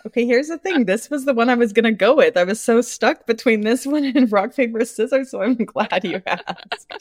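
A young woman co-hosting a podcast, chatting casually, laughing often and telling animated stories. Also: fairly high pitch, normal speed, no room sound, studio quality. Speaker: podcast co-host. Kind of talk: casual chat.

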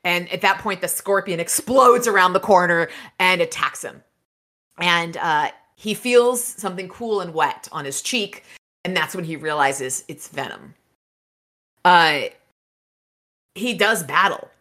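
A woman co-hosting a casual book podcast, chatting about chapters and reading passages aloud in an animated way. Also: on the low side, measured pace. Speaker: podcast co-host.

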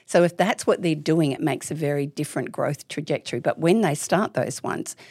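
Low-voiced, emphatic woman. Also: animated, darkish tone, slightly rough, dry recording, studio quality. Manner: candid, emphatic, quick to act out voices. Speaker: parenting expert guest. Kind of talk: casual interview chat.

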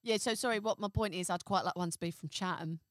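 A woman co-hosting a comedy podcast, making wry, deadpan asides. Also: fairly low pitch, fast, no room sound, clean studio sound. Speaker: podcast co-host. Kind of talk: casual comedic chat.

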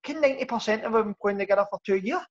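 A man's voice: high-pitched, rapid-fire. A man in casual football chat, exasperated and swearing. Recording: muffled lo-fi audio.

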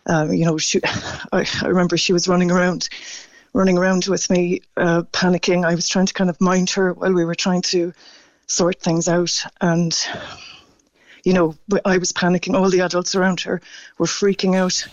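A man calling in to a radio show, speaking haltingly and stammering as he grows emotional. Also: sits high, flat delivery, no echo, lo-fi sound. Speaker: radio caller. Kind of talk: phone-in radio chat.

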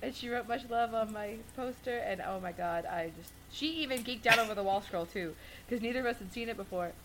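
A woman chatting casually on a podcast, excitable and gushing. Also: a little high, fairly quick, heavy background noise. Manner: excitable, gushing fan talk. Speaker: podcast co-host. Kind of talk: casual chat.

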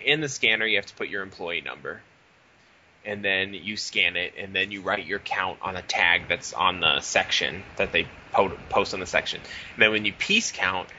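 Young male podcast host, low-ish bright voice, profane animated storyteller, muffled lo-fi recording, faint hiss. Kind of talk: casual podcast chat.

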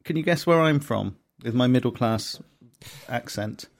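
A man from Bristol with a mid-pitched voice co-hosts a casual podcast. He trades dry, teasing banter with his co-host. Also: moderate pace, gravelly. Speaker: podcast co-host, comedy promoter. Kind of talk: casual chat.

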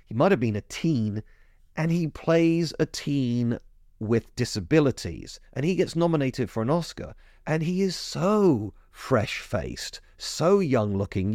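A man hosting a podcast, talking through a film review in a chatty way, correcting himself as he goes, with his pitch jumping up when he gets keen. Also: a little mellow, dry recording, studio quality. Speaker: podcast host.

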